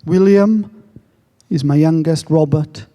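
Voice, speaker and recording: A man's voice: fairly high pitch, slow, warm tone, highs cut off. An English man giving a conference talk, telling a story with self-mocking jokes, heard in a large hall. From England. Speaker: speaker. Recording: long hall reverb.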